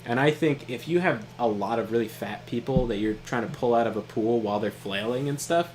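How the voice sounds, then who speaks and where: Here a young gaming-stream co-host, his mid-range voice a little fast and a little mellow, swaps a funny story with his brother while they play. He laughs frequently and swears freely, with slight background noise present.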